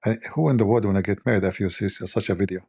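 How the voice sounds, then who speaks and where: A man's voice: fairly low pitch, racing, creaky, darkish tone, husky, no room sound, clean studio sound. A man hosting a joking commentary who rambles, mocks and thinks aloud into a desk microphone. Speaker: host.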